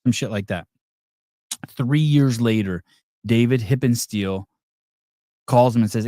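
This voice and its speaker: A man's voice: mid-range voice, measured pace, long pauses, warm tone, no room sound, clean studio sound. A man hosting a podcast in casual chat, rambling and restarting, telling stories and acting out quotes. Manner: rambling storyteller, many fillers and restarts, acts out quotes. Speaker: podcast host.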